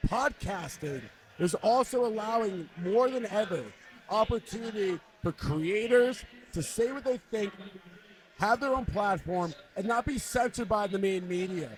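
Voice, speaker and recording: A man's voice: sits high, animated, unhurried. A man co-hosting a live podcast interview, talking in a hyped, emphatic way and repeating lines for punch. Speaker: podcast co-host, sales director. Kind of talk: casual interview talk. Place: live party event.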